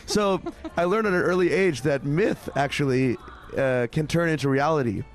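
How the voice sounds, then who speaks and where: Rambling Canadian musician, faint music behind. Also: male voice, fairly high pitch, normal speed. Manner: rambling, with many restarts and acted-out quotes. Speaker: interview guest, musician. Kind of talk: casual interview chat.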